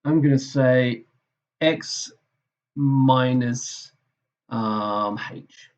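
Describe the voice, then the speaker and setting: A man's voice: medium pitch, very slow, lo-fi sound. A man teaching a maths lesson over a screen recording, thinking aloud in a casual way and correcting himself as he goes.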